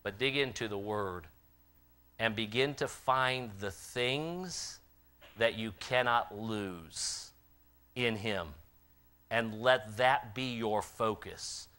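A man preaching a sermon in a church, swinging from loud impassioned calls to quiet, earnest appeals. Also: fairly low pitch, slow. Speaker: pastor. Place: church sanctuary.

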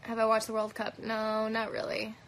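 A woman's voice: on the high side, completely flat delivery, moderate pace, a little hiss or hum, rough recording. A woman with a light Canadian accent chatting casually on a phone livestream, answering comments in a blunt, profane way with plenty of "um"s and "like"s. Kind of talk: casual live Q&A chat. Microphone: phone held at arm's length.

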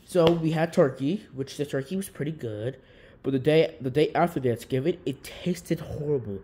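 A man's voice: fairly high pitch, normal speed, dark tone, a little hiss or hum. A man voicing a laid-back male frost bear who tells a story in a rambling, self-interrupting way. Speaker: storyteller and creator. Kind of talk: fan-made character story.

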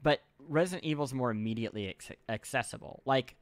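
Gravelly man chatting over a game. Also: mid-range voice, fast talker, no room sound. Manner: joking, reads game lines aloud. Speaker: game show host. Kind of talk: casual gameplay chat.

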